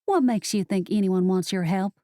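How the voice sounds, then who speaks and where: A woman narrator voicing an angry young witch heroine in an audiobook, sharp and indignant. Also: mid-range voice, normal speed, no room sound, clean studio sound, lightly acted.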